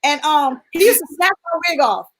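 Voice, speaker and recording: A woman's voice: high-pitched, lively intonation, a little fast, fairly bright tone, rough recording. A woman in a casual panel chat, telling a personal story with feeling and acting out the voices of people in it.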